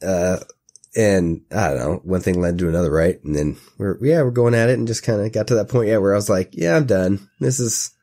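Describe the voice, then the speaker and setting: A man's voice: low voice, brisk, warm tone. A man co-hosting a comedy podcast, laid-back and hesitant, laughing often in casual banter. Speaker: podcast co-host.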